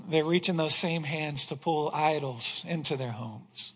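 A man's voice: on the high side, normal speed. A man preaching an earnest sermon that rises to fervent passages. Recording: long hall reverb.

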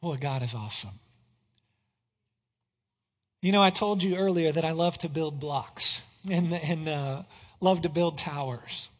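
A man preaching a sermon, swinging between hushed passages and loud exclamations of praise. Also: sits high. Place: church sanctuary. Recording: long hall reverb.

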